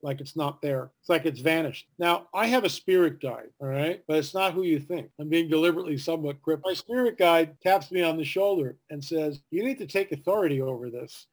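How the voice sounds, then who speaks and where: A man telling a story in a casual, animated way, acting out the voices of people he quotes. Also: a little high, fairly quick, few pauses. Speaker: guest.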